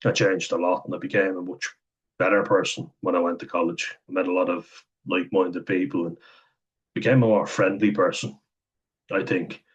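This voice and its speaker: Low, flat, husky Irish man. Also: normal speed, poor audio. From Ireland. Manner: candid, sweary, chuckles while telling stories. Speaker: vlogger. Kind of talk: casual storytelling monologue.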